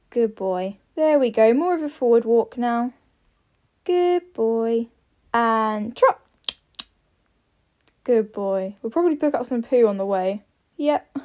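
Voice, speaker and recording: A woman's voice: a little high, a little mellow. A woman casually narrating her gameplay, chatty and coaxing as she praises and urges on her horse. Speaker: gaming vlogger.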